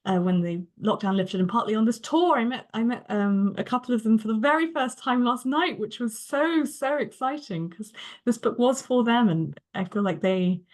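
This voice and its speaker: A woman's voice: fairly high pitch, moderate pace. Chatty woman author. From Britain. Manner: earnest, chatty, laughs often. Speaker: author guest. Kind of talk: conversational author interview.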